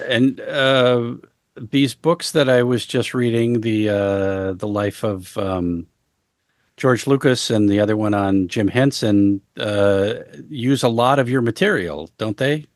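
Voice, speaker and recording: A man as an interview guest, talking casually in a halting way with many fillers and deadpan jokes. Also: on the low side, dry recording, studio quality. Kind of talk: casual conversation.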